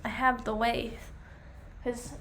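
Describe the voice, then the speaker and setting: Young woman, high-pitched, enthusiastic casual chat, fading voice, faint background noise. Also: little pitch movement, slow, fairly bright tone. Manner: chatty, filler-heavy, enthusiastic. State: losing her voice. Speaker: vlogger reviewing pet products.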